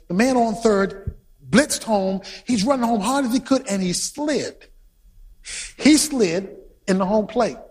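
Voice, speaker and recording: A man preaching a sermon who tells stories with energy, shouts his points and quizzes the congregation. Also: very high voice, husky. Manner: animated storytelling, shouting for emphasis, quizzing the congregation.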